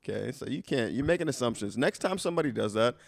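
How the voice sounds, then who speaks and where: A young man co-hosting a podcast, talking in a laid-back, profane way with halting restarts. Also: mid-range voice, animated, vocal fry, no room sound. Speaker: podcast co-host. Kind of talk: casual chat.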